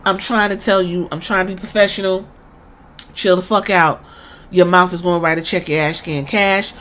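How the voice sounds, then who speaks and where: A woman's voice: lowish voice, steady tone, moderate pace, a bit bright, lightly acted. A woman imitating a brash, profane male wrestler. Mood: confrontational. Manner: blunt, profane trash talk.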